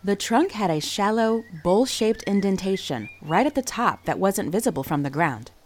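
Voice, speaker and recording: A woman reading a children's mystery story aloud, giving each character an expressive voice. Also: mid-range voice, moderate pace, slight background noise. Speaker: audiobook narrator. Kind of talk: storybook narration.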